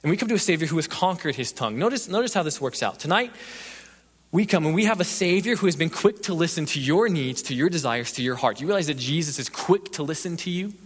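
A male pastor giving an evening sermon and prayer, preaching emphatically with repeated rhetorical questions and swinging between intense passages and hushed ones. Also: on the high side, expressive, quick pace, husky. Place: church sanctuary. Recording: long hall reverb.

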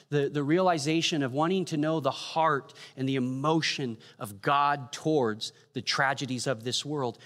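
A man preaching a sermon, telling stories with humor and quick asides. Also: mid-range voice, fairly bright tone. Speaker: pastor. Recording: long hall reverb.

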